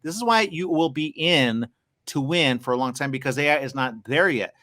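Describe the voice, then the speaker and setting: A man hosting a live interview, rambling and excitable, acting out the conversations he has had. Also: mid-range voice, normal speed, dry recording. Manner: rambling, excitable, acts out quoted exchanges.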